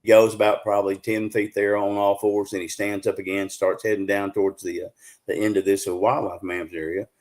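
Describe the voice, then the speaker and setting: A middle-aged Southern US man with a fairly low voice spins a long tale in a folksy, unhurried way. He leans on fillers and restarts as he talks through it on a live show. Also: level tone, a little mellow. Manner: folksy, drawn-out storytelling with many fillers. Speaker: guest, Bigfoot researcher. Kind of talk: casual storytelling on a live show.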